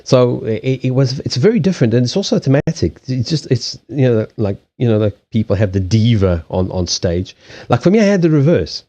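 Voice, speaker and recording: A man's voice: mid-range voice, big pitch swings, fairly quick, dark tone, muffled recording. A man chatting casually on a live stream from a desk in a small home, rambling through restarts and swearing freely. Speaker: live streamer and card reader. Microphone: desk microphone on a stand.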